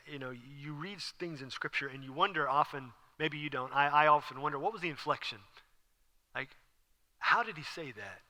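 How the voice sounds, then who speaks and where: A man preaching an animated sermon as pastor, acting out scenes with sudden whispers and exclamations. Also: medium pitch. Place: church sanctuary. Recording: church hall with long reverb.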